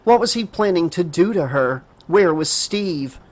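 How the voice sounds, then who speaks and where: A man's voice: animated, unhurried. Male audiobook narrator, emotive reading. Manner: emotive reading, voices the girl in a higher pitch.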